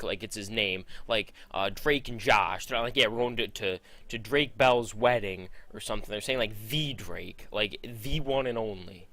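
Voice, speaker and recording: A man's voice: on the low side, sharp tone. A man reading a script aloud, breaking off into rambling, profane, self-mocking asides. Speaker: script reader. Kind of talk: casual rambling read-through.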